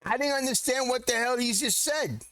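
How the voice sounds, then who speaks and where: A man's voice: very high-pitched, brisk, a bit bright, dry recording. A man from the Caribbean hosting a reaction video, chatting casually and puzzling aloud over lines he can't follow. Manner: chatty, repeats himself, puzzles over what he hears. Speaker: reaction channel host.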